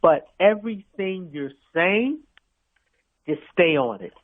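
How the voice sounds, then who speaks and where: A woman's voice: on the low side, animated, slow. Emphatic older woman on a tinny phone line. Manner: emphatic, repeats herself for stress. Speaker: caller. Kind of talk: radio call-in.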